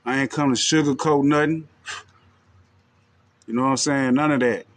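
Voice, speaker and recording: A man's voice: medium pitch, fairly even intonation, normal speed. A man from Texas with a country twang, talking casually and directly to his livestream viewers, with loose, street-casual phrasing. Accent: Texan. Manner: loose, street-casual and direct, with frequent "you know what I'm saying". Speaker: livestream host.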